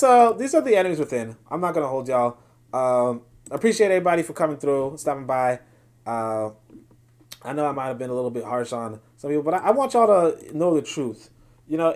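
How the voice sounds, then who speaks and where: A man's voice: mid-range voice, darkish tone. A man hosting a casual solo commentary show, reading posts aloud and talking through them in a rambling, blunt way with many fillers and restarts.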